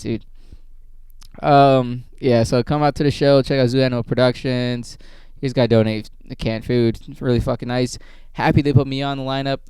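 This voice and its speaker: A man's voice: medium pitch, darkish tone, clean tone, no echo. A young man, a stand-up comedian, rambling in a casual, profane and self-mocking vlog monologue.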